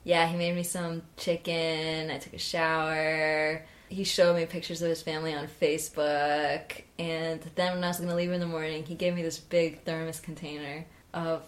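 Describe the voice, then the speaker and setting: A young woman talking in a loose, chatty way, full of "like" and trailing restarts. Her voice sits a little low, but it leaps up when she acts out her own excited reactions. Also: normal speed. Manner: chatty, animated, many "like" fillers, jumps high acting out her own reactions. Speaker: interview guest. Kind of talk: casual storytelling.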